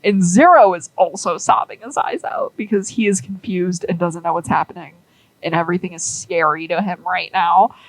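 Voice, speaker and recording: A woman's voice: fairly low pitch, normal speed, poor audio. Rambling young woman telling a story. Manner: rambling, filler-heavy, amused. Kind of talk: casual storytelling monologue.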